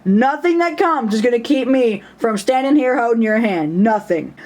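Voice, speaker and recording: Woman doing a patient, coaxing male God, soft and steady, a touch high. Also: normal speed, natural voice. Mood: reassuring.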